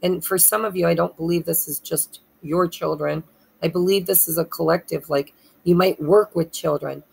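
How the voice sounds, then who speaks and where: A woman giving a pick-a-pile tarot reading with a hoarse throat she keeps clearing, talking in a halting way, spelling out names and losing her place. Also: fairly low pitch, fairly even intonation, darkish tone, poor audio. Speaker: tarot reader.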